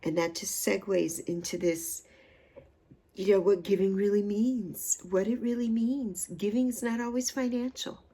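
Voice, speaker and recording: A woman in her sixties hosts a heartfelt, casual livestream chat in a warm mid-range voice, unhurried and with fairly even intonation. Though effusive and still emotional, she repeats phrases for emphasis, and there is slight background noise.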